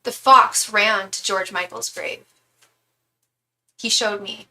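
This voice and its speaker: A young woman tarot reader chatting on a live stream, rambling from story to story with plenty of fillers. Her voice is bright and forceful, sitting at an ordinary middle pitch. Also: fairly even intonation, slow, slight background noise. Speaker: tarot reader and psychic medium. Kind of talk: casual live-stream chat.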